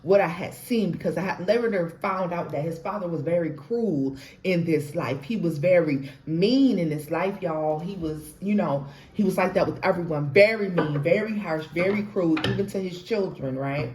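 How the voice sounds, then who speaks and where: A young woman telling her own ghost story in an animated, chatty way, talking straight to viewers and laughing often. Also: lowish voice, moderate pace, few pauses, a little hiss or hum. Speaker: tarot reader and storyteller. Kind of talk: casual storytime vlog. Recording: roomy echo.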